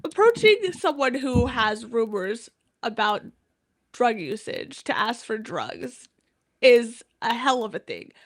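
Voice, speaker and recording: Young woman, high voice, casual book podcast chat, laughs a lot while retelling scenes. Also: sing-song, slow. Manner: retells scenes and reads quotes aloud, laughing often. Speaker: podcast co-host.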